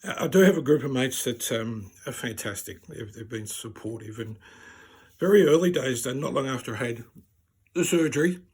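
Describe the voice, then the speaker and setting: A man with a raspy voice, telling wry, self-deprecating stand-up stories. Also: mid-range voice, lively intonation, moderate pace, a little mellow. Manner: wry and self-deprecating, laughs at his own jokes. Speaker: stand-up comedian. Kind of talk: stand-up storytelling.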